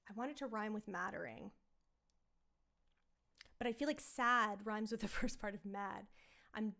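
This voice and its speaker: A songwriter streamer chats casually on a livestream while working out a song, thinking aloud and singing bits of melody with scat syllables. Her medium-pitched voice is gravelly, bright and forceful, at normal speed with frequent pauses.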